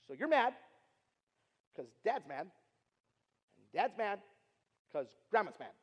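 A middle-aged man with a very high voice preaches in an earnest storytelling sermon. He repeats his points and swings between loud urging and a hushed tone. The long reverb of a large hall trails his words. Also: sing-song, slow. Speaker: youth speaker.

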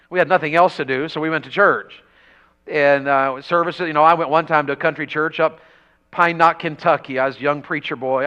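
High-voiced revival preacher. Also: male voice, smooth. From rural Tennessee. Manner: folksy storytelling, rising to shouts. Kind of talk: sermon. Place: church.

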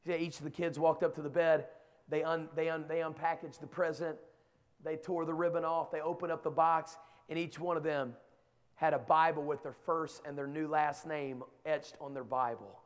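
Middle-aged male preacher, high voice, swings from hushed stories to shouting in a big church. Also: flat delivery, normal speed. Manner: builds from quiet storytelling to shouted exhortation. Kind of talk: sermon to young people. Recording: long hall reverb.

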